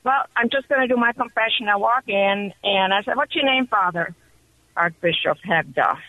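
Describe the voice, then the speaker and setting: A woman calling in to a radio show, telling her story in an excited, chatty way. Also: on the high side, brisk, no echo. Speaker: caller. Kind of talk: call-in radio testimony. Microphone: telephone. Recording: muffled phone line.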